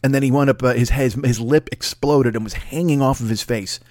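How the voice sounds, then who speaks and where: A man of middle pitch hosts his own podcast alone in a rambling comic monologue. He swears freely and mocks himself. His voice is close and dry, with no room sound. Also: fairly even intonation, a little mellow, no room sound. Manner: profane, self-mocking, rambling; talks fast, then slows down. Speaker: podcast host.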